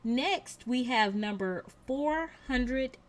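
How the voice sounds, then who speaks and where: A woman hosts her craft channel and announces the winners of a viewer giveaway. She speaks in an unhurried, deliberate way, reading each name and number with care. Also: high voice, expressive. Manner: slow and deliberate, reading out names and numbers carefully.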